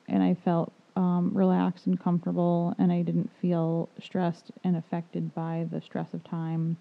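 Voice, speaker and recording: A woman's voice: fairly low pitch, vocal fry. A woman in casual chat, hesitant and full of fillers, with blunt short asides. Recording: tinny phone-like line.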